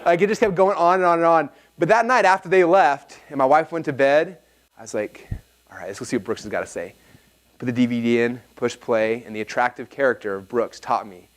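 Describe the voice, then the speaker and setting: A man with a mid-range voice delivers a live workshop seminar at a fairly quick clip, recorded as a filmed talk. His storytelling is animated and energetic, and he often checks in with those listening.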